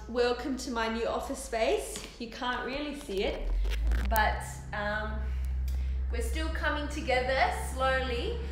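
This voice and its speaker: A woman in her thirties with an Australian accent and a fairly high voice hosts a live Q&A for her hair topper business from her new office. Against a noisy background and roomy office echo, she chats and rambles, swearing casually.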